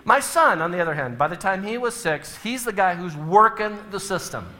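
A man's voice: high voice, expressive, moderate pace, bright, forceful tone. A middle-aged man speaking to a live audience, telling humorous family stories and acting out the scenes with big swings in his voice.

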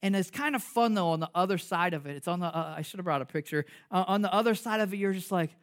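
A man's voice: extremely high pitch, fast, hardly any pauses. A man preaching a conversational sermon as pastor. He jokes, asks rhetorical questions, and restarts his sentences a lot. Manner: animated, joking, rhetorical questions; frequent fillers and restarts.

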